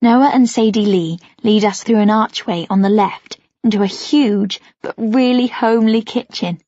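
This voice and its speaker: A woman narrating a first-person novel for an audiobook in a gentle, even storytelling manner. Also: medium pitch, moderate pace, dry recording, muffled recording.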